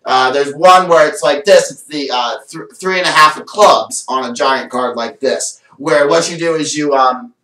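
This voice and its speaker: A man's voice: on the high side, moderate pace, hardly any pauses, pushed and bright, distant mic. A man doing magic on camera, presenting a card trick with showman patter and then chatting about it in an enthusiastic, rambling way. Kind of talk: performing a card trick then casual vlog chat. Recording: echoey room, voice from away from the mic.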